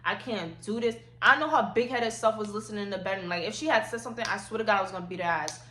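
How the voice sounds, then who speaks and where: A young woman of 18 tells a personal story to her phone camera, slangy and emphatic, hammering her points home by repeating them. Her voice is bright and keen-edged, with a roomy echo around it. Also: mid-range voice, rapid-fire. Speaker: vlogger. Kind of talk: casual storytime vlog.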